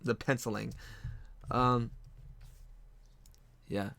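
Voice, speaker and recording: A man talks casually to his stream while drawing, circling back and repeating phrases as he thinks aloud. His voice sits at a middle pitch, recorded close and dry with no room sound. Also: little pitch movement, very slow, creaky, fairly bright tone, no echo. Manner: rambling, repeats phrases, frequent restarts. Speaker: streaming artist host.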